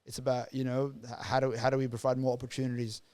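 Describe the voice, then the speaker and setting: A man from Somalia who grew up in Australia and works as a youth worker is a guest in a casual podcast interview. His mid-range voice is a little mellow and flat in delivery, while he speaks fast and earnestly, repeating words and filling gaps with "you know."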